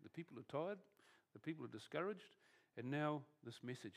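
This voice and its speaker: Speaking as a pastor, this man offers an expressive, conversational sermon in a medium-pitched, creaky voice. His pace is moderate, and he keeps restarting phrases before drifting softer at the close of ideas.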